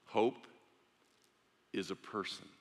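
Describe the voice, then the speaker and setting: A male pastor preaching an earnest, conversational sermon in a church. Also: slow. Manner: earnest, conversational, with restarts and soft drops. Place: church sanctuary. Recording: echoey church sanctuary.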